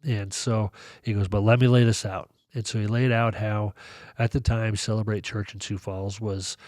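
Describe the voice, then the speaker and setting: Lowish-voiced guy telling a story on a podcast, acts out the dialogue, dry close sound. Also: little pitch movement, moderate pace, darkish tone, dry recording. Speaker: podcast guest. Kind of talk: casual storytelling.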